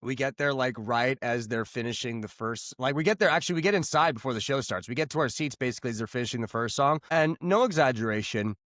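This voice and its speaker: A man's voice: mid-range voice, fast, hardly any pauses, fairly bright tone, no echo, clean studio sound. A man from the United States co-hosting a podcast, chatting casually and telling stories in a joking, profane way. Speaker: podcast co-host. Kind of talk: casual chat.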